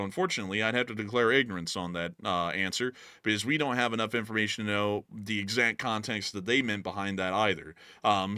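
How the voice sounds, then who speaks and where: A man hosting a casual livestream news show, jokey and quick to laugh. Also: mid-range voice, pushed and bright, no room sound, studio quality. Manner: jokey, laughs often, repeats sign-off phrases.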